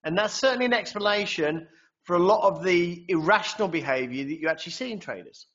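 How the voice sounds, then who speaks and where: A man's voice: sits high, animated, quick pace, fairly bright tone, lo-fi sound. A man presenting a trading webinar in a conversational way, often tagging sentences with "right?". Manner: conversational, frequent tag "right?".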